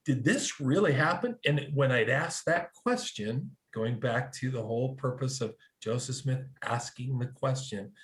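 A man telling a personal story in a casual, animated way, acting out quoted dialogue, with frequent restarts. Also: mid-range voice. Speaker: guest telling a conversion story.

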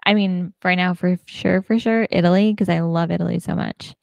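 An upbeat woman co-hosting a podcast, talking freely and laughing often. Her voice has a middling pitch. The sound is dry and close-miked. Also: steady tone, normal speed, gravelly, a little mellow, no room sound, lo-fi sound. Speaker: podcast co-host. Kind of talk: casual chat.

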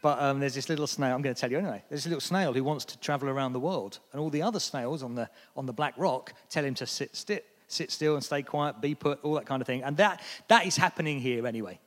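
A British man preaches a sermon in a medium-pitched voice, speaking quickly with few pauses. He tells stories with animation and acts out the lines he quotes in a raised voice, recorded with long hall reverb.

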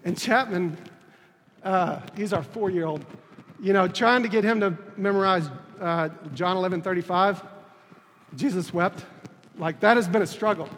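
A man in his thirties giving a personal testimony from the pulpit, halting and earnest, repeating words and restarting as he goes. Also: high-pitched. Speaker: preacher on a church leadership team. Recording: long reverb, faint room noise.

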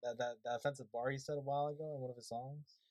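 Fast-talking young man, casual podcast chat. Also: medium pitch, steady tone, darkish tone, no echo, rough recording. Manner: fast, rambling storyteller with many restarts. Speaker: podcast co-host.

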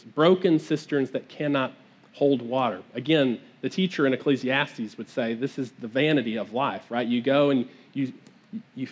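A man preaching a sermon in a conversational, earnest way, often restarting his phrases. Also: mid-range voice.

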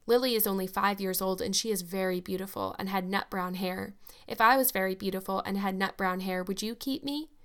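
A woman's voice: mid-range voice, steady tone, a little fast, clean tone, close to an everyday voice. A woman voicing a talkative, dreamy orphan girl of about eleven who speaks in an eager, dramatic way.

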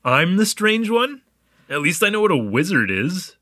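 A man's voice: sits high, moderate pace, no echo, studio quality, full character voice. A man playing a chatty young newcomer. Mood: playful. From Canada. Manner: animated, joking, wandering asides. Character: young male newcomer keeping a spoken diary, curious, chatty. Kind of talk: audio drama narration.

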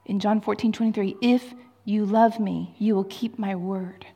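Breathy woman pastor preaching. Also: mid-range voice, steady tone, normal speed. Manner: drops to hushed whispers, rises to emphatic peaks. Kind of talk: sermon.

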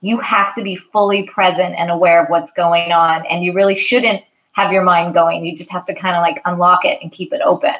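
A woman's voice: fairly low pitch, flat delivery, fairly quick, a bit bright, rough recording. A woman in casual panel chat who explains her view in a thoughtful way.

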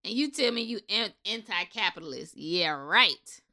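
A woman's voice: medium pitch, expressive, moderate pace, bright, forceful tone. A woman giving a blunt, impassioned, unscripted rant with swearing, speaking straight to her listeners.

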